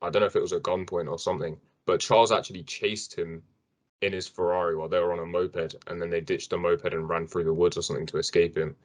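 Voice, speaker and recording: A man's voice: deep voice, little pitch movement, quick pace, a little mellow. A young man hosting a casual sports podcast, chatty and rambling, with fillers and restarts. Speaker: podcast host.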